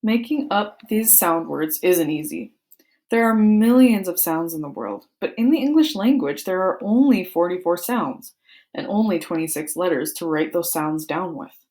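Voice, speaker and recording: A woman's voice: on the low side, animated, moderate pace, a little mellow. A woman reading a children's book aloud, playfully acting out the sound words. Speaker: book reader.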